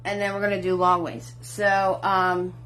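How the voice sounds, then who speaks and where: Speaking unhurriedly in a lowish voice with a flat delivery and fairly bright tone, a middle-aged painting instructor teaches a live online class. She greets viewers by name, calls them sweetheart and hun, and stays chatty and encouraging against faint music.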